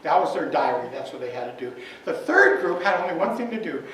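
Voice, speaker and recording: A male minister telling a story in his talk, animated and full of fillers, at a spiritual center. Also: on the high side, a little fast. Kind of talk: sermon storytelling. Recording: echoey hall, far from the mic, faint noise.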